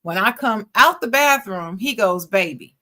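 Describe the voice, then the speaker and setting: A woman podcast co-host reading a listener's letter aloud in an expressive way, breaking off now and then for casual slangy asides. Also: on the high side, measured pace.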